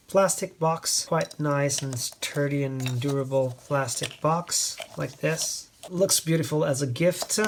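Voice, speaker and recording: A man hosts a casual product review, wandering off on wry digressions. His voice is mid-pitched with a gravelly, fry-tinged texture. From Italy. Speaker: host.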